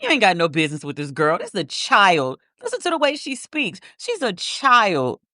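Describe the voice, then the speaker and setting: A podcast host who talks bluntly and profanely, not hiding how petty the take is. The voice sits at an ordinary middle pitch. The sound is dry and close, with no room around it. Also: huge pitch swings, normal speed, bright, forceful tone, no room sound. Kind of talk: casual commentary podcast.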